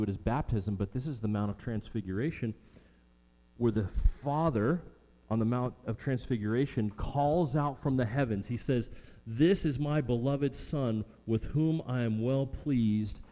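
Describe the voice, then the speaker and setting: A man's voice: medium pitch, dark tone, in a large hall. A man preaching an expository sermon, stressing key words and repeating his main lines.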